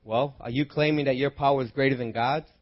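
A man preaching a sermon, moving from quiet teaching into loud, impassioned prayer and exhortation. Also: mid-range voice, fairly even intonation, fairly quick, muffled recording. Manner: breaks into spoken prayer.

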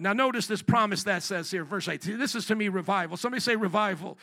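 High, gravelly, bright-voiced man preaching. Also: fast, few pauses. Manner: animated preaching, rising to shouts and call-and-response. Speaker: pastor. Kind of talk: sermon.

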